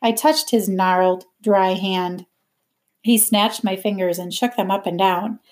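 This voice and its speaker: A woman reading a novel aloud in a steady, plain first-person narration. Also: mid-range voice, unhurried. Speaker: reader.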